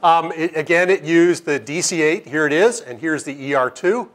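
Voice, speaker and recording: A man's voice: fairly high pitch, normal speed, fairly bright tone. A middle-aged man from Seattle, a scientist giving an informal lecture to a live audience, telling anecdotes with self-deprecating jokes and frequent "okay?" checks. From Seattle, United States.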